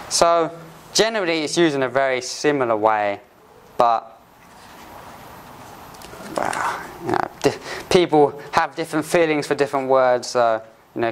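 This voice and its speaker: A man's voice: medium pitch, lively intonation. Patient man teaching English phrases. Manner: patient, repeats phrases slowly with many restarts. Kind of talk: explaining phrases to learners. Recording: faint background noise.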